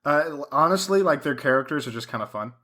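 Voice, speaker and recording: A man's voice: on the high side, lively intonation, a little fast, over a noisy crowd. A young man co-hosting a podcast, chatting casually, swearing freely and laughing often as he acts out lines. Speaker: podcast co-host. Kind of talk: casual chat.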